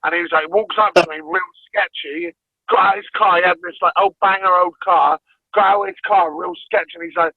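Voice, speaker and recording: A man's voice: high-pitched, fairly even intonation, a little fast, no echo. A man, bluntly telling a story with plenty of swearing and laughs as a podcast guest. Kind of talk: casual storytelling. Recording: dry, phone-like narrow sound.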